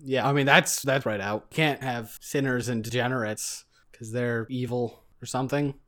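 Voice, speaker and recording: Man, podcast co-host, deadpan delivery, sarcastic humor, casual chat, mid-range voice. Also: medium pitch, normal speed.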